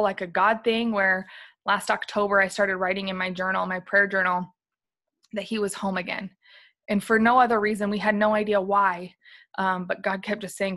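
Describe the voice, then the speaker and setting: A woman in her thirties, originally from Flint, Michigan, speaks as an interview guest. She talks candidly and with feeling about her journey, laughing now and then and filling her pauses with "um" and "like.". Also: medium pitch, a bit bright. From Flint, Michigan, USA. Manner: candid and emotional, laughs often, many fillers. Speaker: interview guest, company field liaison. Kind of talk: conference interview, personal story.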